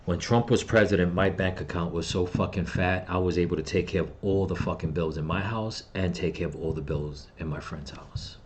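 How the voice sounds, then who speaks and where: Deep-voiced man ranting in grief. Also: fairly even intonation, a little fast, hardly any pauses, a little mellow, a little hiss or hum. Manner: grieving, bitter, profane ranting. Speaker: channel host. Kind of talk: angry personal vlog rant.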